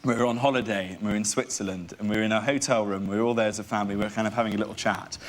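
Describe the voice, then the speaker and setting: A young English man, a comedian guest on a chat show, telling an animated anecdote. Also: lowish voice, rapid-fire. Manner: animated storytelling.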